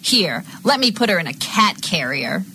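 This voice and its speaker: Woman doing a mean witchy lady, slow threats, bright sharp voice, amateur audio drama. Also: fairly low pitch, sing-song, slight background noise. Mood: falsely sweet. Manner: slow, menacing line delivery. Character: cruel woman who bewitched a girl.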